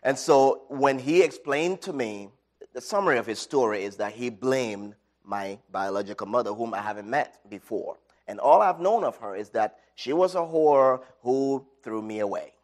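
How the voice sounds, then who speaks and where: A middle-aged man giving an inspirational talk, telling a personal story with dramatic swings from loud to quiet. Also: lowish voice. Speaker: speaker.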